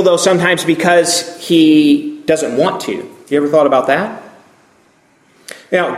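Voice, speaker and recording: A man's voice: fairly high pitch, roomy sound. A man preaching a sermon as pastor, reading scripture aloud and acting out the quoted voices with feeling.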